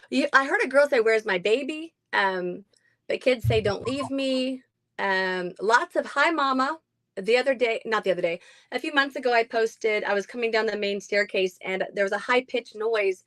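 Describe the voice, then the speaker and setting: A woman's voice: mid-range voice, fairly bright tone, dry recording. A woman who owns a haunted house, chatting casually in an interview with many ums and frequent laughs.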